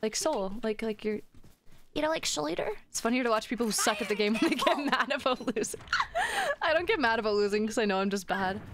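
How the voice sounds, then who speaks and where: A woman's voice: a little high, big pitch swings, fairly quick, fairly bright tone, slight background noise. Giggly, cursing young woman streamer.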